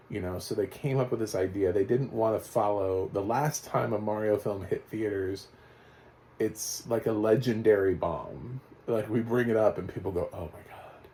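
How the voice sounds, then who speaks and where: A man giving a casual, rambling spoken movie review, chatty and quick to laugh. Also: fairly low pitch, warm tone.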